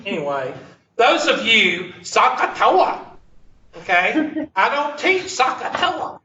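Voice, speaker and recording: High bright-voiced joking math teacher. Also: male voice, big pitch swings, slow. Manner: joking, digressive, blunt storyteller. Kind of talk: classroom lecture. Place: classroom. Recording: roomy, distant, dull lo-fi room recording.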